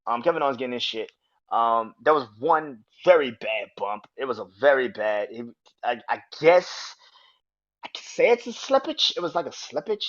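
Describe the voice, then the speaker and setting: Male podcast host, casual and profane, animated delivery, lo-fi audio. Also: mid-range voice, normal speed. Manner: animated, profane, acts out quotes in raised voices. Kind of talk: casual match review. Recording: dull lo-fi audio.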